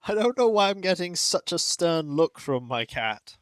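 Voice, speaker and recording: A man's voice: fairly high pitch, moderate pace, clear, resonant tone, no echo. Laid-back man greeting stream viewers. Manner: relaxed, chatty, playfully formal greetings. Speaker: livestreamer. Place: home room.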